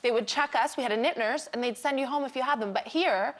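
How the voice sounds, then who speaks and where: Wry Canadian woman with a lifted pitch. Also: fast talker, background noise. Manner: deadpan, wry storytelling. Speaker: comedian guest. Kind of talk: talk show chat. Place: TV studio with audience.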